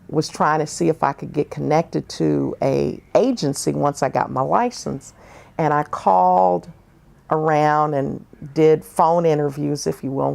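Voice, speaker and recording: A woman with a low, gravelly voice tells her story in an oral history interview. She speaks frankly and reflectively, pausing often with fillers as she gathers her thoughts. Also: darkish tone. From northern United States.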